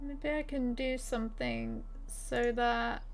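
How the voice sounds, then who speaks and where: A woman's voice: fairly high pitch, wildly swooping pitch, slow pace, soft background music. A woman streaming a game, reading quest text aloud in character voices and chatting casually with her viewers.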